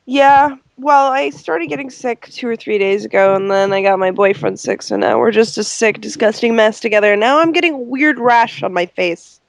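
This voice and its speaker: A sick woman on a podcast, wry and low-key. Her voice is high and her pitch moves a lot. The sound is dry and close. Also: expressive, moderate pace, vocal fry, few pauses, no echo. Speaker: podcast co-host. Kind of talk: casual chat.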